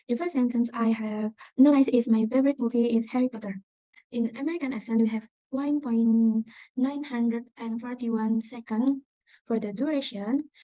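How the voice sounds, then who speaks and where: Walking through her exam project on a screen recording, a young woman whose first language is Indonesian reads each measurement aloud with care, one step at a time. Her fairly high voice is mellow, and the audio is rough but free of echo.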